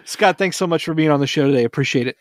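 A man's voice: on the high side, no echo, clean studio sound. A man hosting a casual sports podcast, jokey and upbeat. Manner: jokey, upbeat, quick laughs. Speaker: podcast host.

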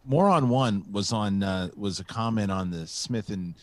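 A man's voice: fairly low pitch, measured pace, dry recording. A man hosting a casual panel chat show, telling stories with lots of laughter and jokey asides. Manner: laughing, animated storyteller. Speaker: host.

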